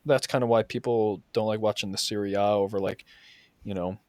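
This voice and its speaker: A man's voice: lowish voice, fairly even intonation, fairly quick, darkish tone, no echo. A man hosting a podcast, telling heated stories full of swearing about coaching. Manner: profane, heated storytelling. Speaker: podcast host and soccer coach. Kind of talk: casual podcast chat.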